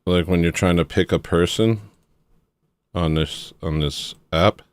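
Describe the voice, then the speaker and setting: A man's voice: sits low, measured pace, smooth, dry recording, clean studio sound. A man hosting a livestream and talking casually in a rambling, sarcastic way, dismissing a critic in his chat. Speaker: livestream host.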